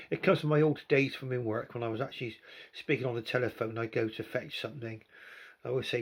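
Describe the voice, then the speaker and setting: A man's voice: mid-range voice, steady tone, fast talker, slightly rough. A man, chatting casually about model railway pieces while filming on his phone. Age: 60s. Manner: chatty and rambling, with gentle asides. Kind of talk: casual hobby commentary.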